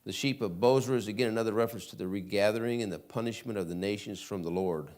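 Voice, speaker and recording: A man from Michigan with a Michigan American accent, teaching Sunday school in a church classroom, reading scripture verses slowly and loudly between casual asides. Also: fairly low pitch. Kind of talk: Bible lesson reading scripture aloud.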